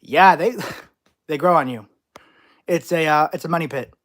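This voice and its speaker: A man's voice: fairly high pitch, normal speed, fairly bright tone. A man hosting a live stream, reading chat questions aloud with playful, jokey overreactions. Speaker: channel host.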